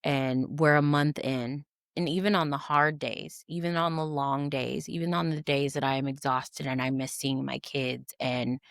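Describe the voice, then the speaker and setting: A woman in her thirties from Kentucky, a bookstore owner telling lively stories in casual chat, acting out the people she quotes. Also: very deep voice, vocal fry, no echo, studio quality. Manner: animated, acts out quotes with voices. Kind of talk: casual storytelling.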